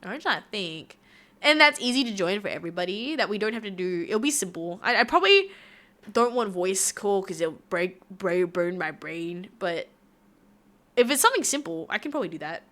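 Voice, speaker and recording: A woman's voice: mid-range voice, big pitch swings, normal speed, fairly bright tone. A woman from Australia with an Australian accent, chatting casually on a livestream in a bubbly, rambling, giggly way. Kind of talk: casual stream chat reading viewer comments.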